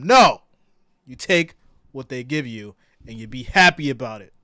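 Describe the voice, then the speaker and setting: A man hosting a casual sports live stream, loud and excitable, greeting chat viewers by name and swinging between shouted hype and low asides. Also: measured pace, pauses often, no room sound, clean studio sound. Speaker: sports livestream host.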